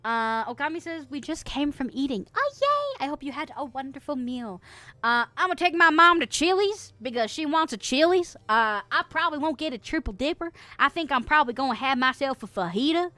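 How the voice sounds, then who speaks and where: A woman's voice: high-pitched, lively intonation, brisk, bright, forceful tone, dry recording. Chatty young woman streamer, dry close mic. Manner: chatty, laughs often, trails off with fillers. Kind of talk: casual chat reading viewer messages.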